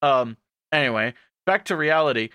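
A man on a podcast rambling through a playful recap, tossing in jokey asides. His voice is bright and forward at a middling pitch. The sound is dry and close to the microphone. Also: lively intonation, normal speed, clear, resonant tone, dry recording. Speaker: podcast co-host. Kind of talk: casual comedic recap.

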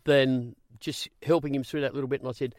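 A man's voice: medium pitch, a little fast, no echo, studio quality. A man with an Australian accent, a guest in an interview, telling stories with many "I said" asides. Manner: animated, repeats "I said" while retelling. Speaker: guest, former racing interviewer. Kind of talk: storytelling in an interview.

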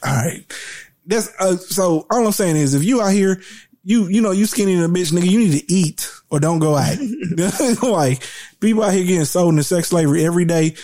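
Male podcast host, higher register, animated and profane. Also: fairly quick. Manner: animated, profane, laughs a lot, mock-panicked voices. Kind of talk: casual commentary chat.

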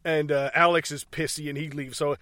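A man's voice: on the high side, steady tone, brisk, sharp tone, dry recording, studio quality. A man co-hosting a casual movie podcast, recapping scenes with swearing and laughter. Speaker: podcast co-host. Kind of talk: casual movie commentary chat.

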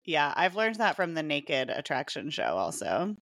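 A woman's voice: sits low, big pitch swings, moderate pace, fairly bright tone, no echo, clean studio sound. A woman co-hosting a podcast, chatting casually, giggling and trailing off with fillers. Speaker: podcast co-host. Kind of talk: casual chat.

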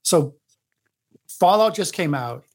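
A man's voice: fairly high pitch, animated, takes it slowly, a little hiss or hum. A man talking as a podcast guest in casual chat, telling long rambling stories and acting out what others said.

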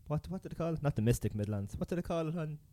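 An Irish man co-hosting a podcast in casual chat, excitable and chatty with hesitant fillers. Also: a little high, rapid-fire, dry recording, clean studio sound. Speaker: podcast co-host.

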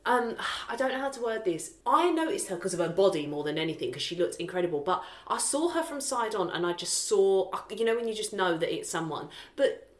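A woman's voice: medium pitch, lively intonation, brisk, echoey room. A woman, co-hosting a podcast, gushing in casual chat and swearing freely. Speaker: podcast co-host.

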